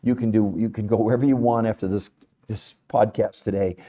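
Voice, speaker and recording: Male podcast host, fired-up and emphatic, mellow darker tone, slightly dull lo-fi recording. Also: fairly low pitch, a little fast. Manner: animated, emphatic, fond of rhetorical questions. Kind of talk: impassioned health talk to an audience.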